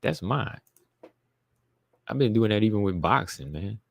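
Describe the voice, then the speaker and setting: Deep gravelly man chatting to viewers. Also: animated, measured pace, dry recording. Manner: talks straight to viewers, repeats phrases, emphatic; informal, uses "y'all" and "be listening". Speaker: podcast host. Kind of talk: casual live-stream chat.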